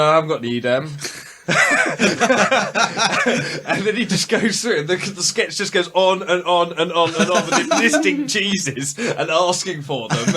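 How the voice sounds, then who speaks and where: A man's voice: fairly high pitch, fairly bright tone. Man, podcast co-host, casual chat, chuckling retelling. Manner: rambling retelling, laughing through it.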